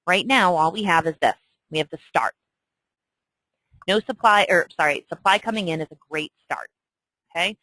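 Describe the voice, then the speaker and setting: A woman teaching a trading lesson in a chatty way, walking through a chart and checking in often with "okay?", with excitable asides. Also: fairly low pitch, moderate pace, pauses often, no room sound, low-quality recording. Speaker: trading instructor. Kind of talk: screen-share lesson walkthrough.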